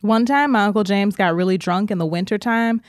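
A woman with a medium-pitched voice co-hosts a casual podcast, speaking fairly quickly as she tells animated stories, laughing often and swearing freely. The recording is dry and of studio quality.

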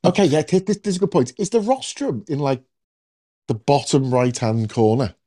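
Guy hosting a podcast, mellow voice, jokey, lots of ums. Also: on the high side, lively intonation, normal speed. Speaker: podcast host. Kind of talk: casual chat.

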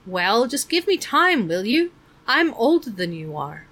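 A woman's voice: on the high side, big pitch swings, measured pace, fairly bright tone, heavily acted. A woman reading a storybook aloud, voicing an impatient, protective teenage boy. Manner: impatient, crying out.

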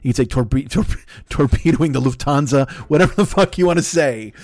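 A man's voice: on the high side, normal speed, darkish tone, no echo, studio quality. An older man hosting a solo podcast, rambling through profane, self-mocking comic tangents into a laptop microphone. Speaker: podcast host. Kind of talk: solo comedic rant.

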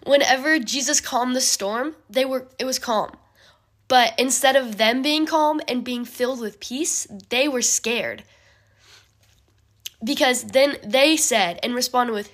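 A young woman giving a casual bible study talk, chatty and full of fillers, often clearing her throat. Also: fairly high pitch, a bit bright.

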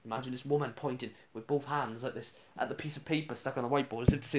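A man's voice: medium pitch, fairly even intonation, racing, hardly any pauses, noisy background. A man, a radio presenter, casually rambling through funny school anecdotes with restarts and chuckles.

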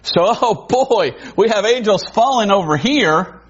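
A man preaching a sermon in a conversational way, wondering aloud and adding quick asides. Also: high-pitched, lively intonation, husky. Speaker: pastor. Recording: dull lo-fi recording.

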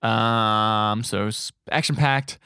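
A man's voice: fairly low pitch, fairly even intonation, slow pace, sharp tone, clean tone, no room sound. Rambling man recapping a movie, dry sound. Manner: rambling, laughs often, heavy use of "like". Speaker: podcast co-host. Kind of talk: casual movie recap chat.

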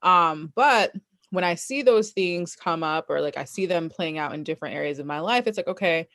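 A woman guest in a casual podcast chat, telling stories in a relaxed, animated way and laughing often. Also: fairly low pitch, normal speed, dry recording, clean studio sound.

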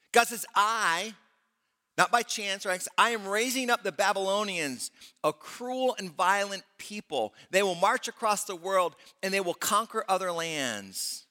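A man preaching a sermon to a congregation, animated and conversational, acting out scripture dialogues. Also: sits high, big-room sound. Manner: animated preaching, voicing prophet and God in dialogue. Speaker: pastor.

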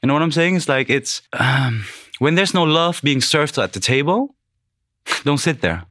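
A man's voice: fairly high pitch, moderate pace, fairly bright tone, dry recording, clean studio sound. A man in his thirties who grew up in the Netherlands, a podcast guest speaking bluntly and frankly in casual chat, swearing freely. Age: 30s.

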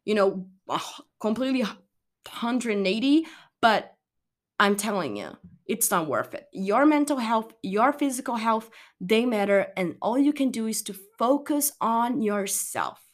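A woman's voice: on the high side, expressive, a little slow. A young woman talking straight to her viewers about anxiety and self-care, earnest and rambling, often restarting her sentences. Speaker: wellness vlogger. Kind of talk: candid motivational monologue.

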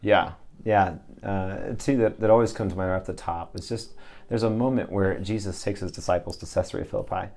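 A man's voice: sits low, a little fast, creaky, a little mellow. A man who leads a ministry, answering interview questions with earnest stories and scripture in a preaching tone. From Texas. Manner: earnest, storytelling with scripture quotes. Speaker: ministry leader, guest.

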